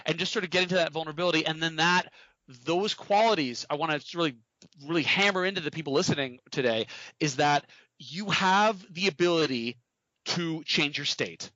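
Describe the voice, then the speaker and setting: A man talks earnestly on a casual podcast, urging listeners to take action, and he stumbles and restarts as he goes. His voice is a little high and bright. The sound is dry and slightly dull. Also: expressive, a little fast, dry recording. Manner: earnest, motivational, many restarts. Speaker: podcast co-host.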